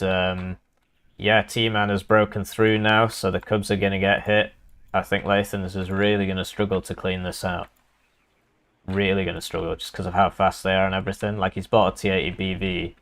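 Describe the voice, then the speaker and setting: A man's voice: low-pitched, a bit bright. A young man casting a live strategy game match, casual and rambling with lots of fillers. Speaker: caster.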